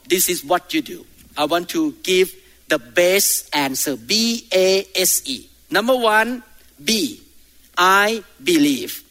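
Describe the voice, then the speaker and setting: Bright high-voiced man preaching slowly. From Thailand. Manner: emphatic preaching with calls to the congregation. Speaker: pastor. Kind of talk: sermon. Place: church.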